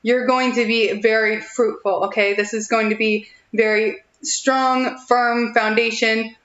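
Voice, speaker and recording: A young woman with a fairly high voice gives a chatty, reassuring tarot reading on a live stream, laughing lightly between thoughts. Her voice carries a roomy echo and sounds a little muffled, as if it comes from a built-in mic. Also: fairly even intonation, unhurried, a bit bright. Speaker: tarot reader.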